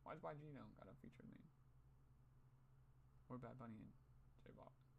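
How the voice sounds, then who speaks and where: Young male vlogger, gravelly, mid-pitched, rambling and profane, half muttering to himself. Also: fairly quick, a little hiss or hum. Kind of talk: casual rambling monologue.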